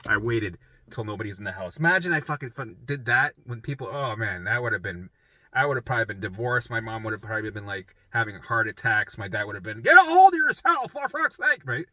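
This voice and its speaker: A middle-aged man telling his own story in a rambling, profane, animated way, often asking "right?" and jumping into acted voices. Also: quick pace, dry recording. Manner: acts out his own past voices in sudden pitch jumps. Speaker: vlogger sharing his recovery story. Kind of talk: casual storytelling monologue.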